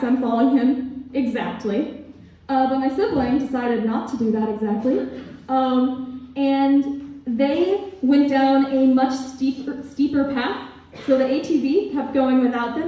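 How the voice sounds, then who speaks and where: A woman's voice: high-pitched, mellow. Young woman doing student stand-up, echoey. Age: young adult. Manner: laughs at own jokes, lots of ums. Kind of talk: stand-up comedy set. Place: student comedy club stage. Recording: echoey, distant, dull room recording.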